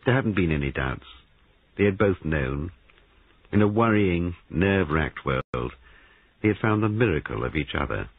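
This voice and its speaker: Husky man reading a mystery aloud. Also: sits low, moderate pace, no room sound. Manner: animated storytelling. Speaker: audiobook narrator. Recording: tinny band-limited recording.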